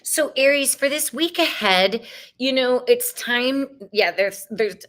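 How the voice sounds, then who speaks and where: Her fairly high, somewhat bright voice is animated but slow as she hosts a live tarot reading. The livestream host is bubbly and effusive despite sounding a little tired, dropping in "y'all" and singing at times.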